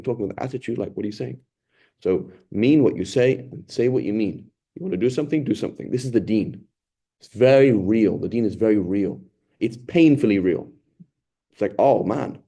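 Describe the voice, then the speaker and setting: A man with a lowish, mellow voice gives a Ramadan Quran talk. He speaks conversationally and emphatically, poses rhetorical questions, and slips into lively voices to act out what people say. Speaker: Quran teacher.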